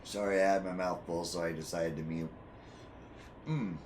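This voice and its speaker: A man with a fairly low voice talks through his city-building game on a relaxed stream, musing aloud and tossing questions to his chat. He sounds like he is at a home desk mic, with a faint hiss of background noise under his voice. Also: normal speed. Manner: relaxed, thinks aloud and asks chat for ideas. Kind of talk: casual gameplay commentary.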